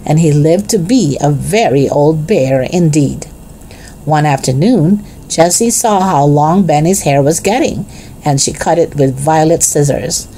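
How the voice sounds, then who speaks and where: A woman reading a children's chapter book aloud in a gentle, expressive way. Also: low voice, slight background noise. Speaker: narrator.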